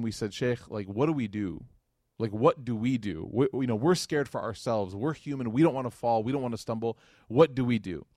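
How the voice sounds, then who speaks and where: Man giving an animated religious lecture. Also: medium pitch, no room sound, clean studio sound. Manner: animated storyteller, acts out quoted speakers, addresses audience directly.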